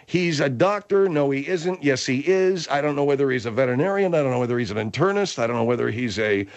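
A man hosting a comedic radio talk show, exasperated and deadpan with his guests. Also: medium pitch, fast talker.

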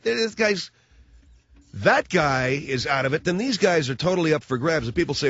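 A man's voice: fairly high pitch, expressive, a little fast, fairly bright tone, slightly rough. A man hosting a talk radio show, delivering a brash, blunt and sarcastic monologue into a studio microphone. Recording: dull lo-fi radio broadcast.

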